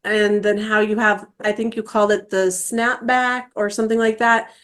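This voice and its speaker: A woman in her forties hosting an interview, chatting warmly about her own experience, with frequent "um" and "uh" fillers. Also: medium pitch, level tone, moderate pace. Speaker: interview host. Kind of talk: casual interview chat.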